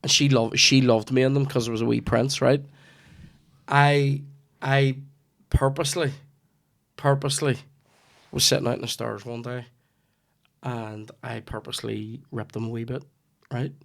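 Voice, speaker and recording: Guy, 30s, gravelly, telling a funny story on his podcast, swears a lot. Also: mid-range voice, level tone, normal speed, pauses often. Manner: swears freely, restarts lines, acts out his mum in quoted asides. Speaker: podcast host. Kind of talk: casual comedic storytelling.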